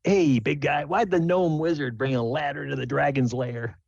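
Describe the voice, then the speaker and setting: A man's voice: on the high side, normal speed, gravelly, a little mellow, no room sound, lo-fi sound, voice pushed up. A man voicing a boisterous male gnome jester who talks in hearty, jokey stage patter.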